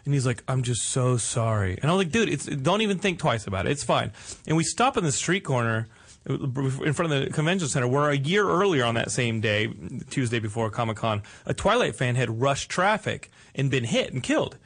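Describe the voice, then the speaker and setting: A man hosting a podcast, telling a story with animated put-on voices for the people in it. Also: medium pitch, fairly quick. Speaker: podcast host. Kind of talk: casual storytelling chat.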